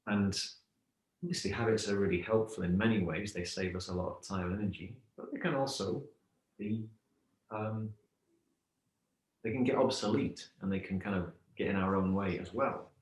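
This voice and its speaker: A man's voice: lowish voice, normal speed. A middle-aged man talking reflectively as a podcast guest, telling stories and analogies in a thoughtful way. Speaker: yoga teacher, podcast guest. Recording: roomy echo.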